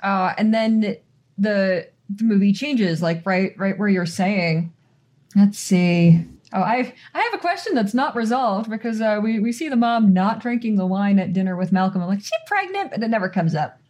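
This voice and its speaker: A woman's voice: mid-range voice, normal speed, a little mellow. Wry woman chatting about a movie. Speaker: podcast co-host. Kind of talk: casual film discussion.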